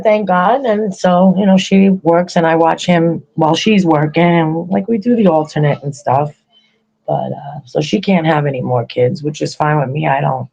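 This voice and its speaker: An older woman hosts a podcast in a casual, rambling way, often breaking into laughter. Her voice sits a little low for a woman. She chats loosely with listeners as a grandmother would. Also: a little mellow, breathy edge, rough recording. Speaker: podcast host. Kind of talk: casual chat.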